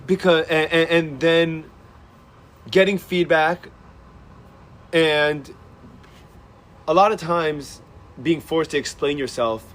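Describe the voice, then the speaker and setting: A man's voice: on the high side, fairly even intonation, takes it slowly, long pauses, fairly bright tone. A man chatting as a podcast guest, rambling with many "like"s and restarts. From Israel and the United States. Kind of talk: casual conversation.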